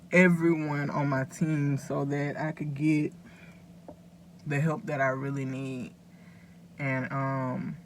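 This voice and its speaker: Woman vlogger with a gravelly, creaky voice; casual, earnest, rambling address to camera. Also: sits low, a little hiss or hum. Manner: earnest, rambling, advice-giving to viewers. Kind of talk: casual direct-to-camera talk.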